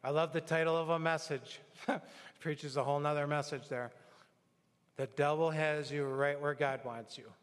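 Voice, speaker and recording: A man's voice: fairly high pitch, steady tone, normal speed, clear, resonant tone. A middle-aged man preaching a conversational sermon in a church, telling anecdotes and acting out quotes. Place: church sanctuary. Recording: long hall reverb.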